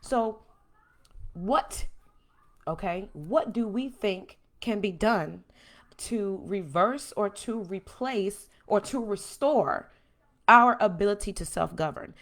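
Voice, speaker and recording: A woman hosting a podcast, giving a blunt, emphatic, preachy monologue that swings from calm to loud. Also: mid-range voice, slow. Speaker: podcast host. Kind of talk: impassioned monologue.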